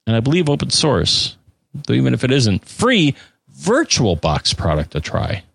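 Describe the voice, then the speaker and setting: A male podcast co-host who talks in a loose, rambling, joking way and often restarts his sentences. His pitch rises and falls a lot, and the sound is dry and close to the mic. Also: gravelly, no room sound. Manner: jokey, rambling, lots of restarts. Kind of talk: casual chat.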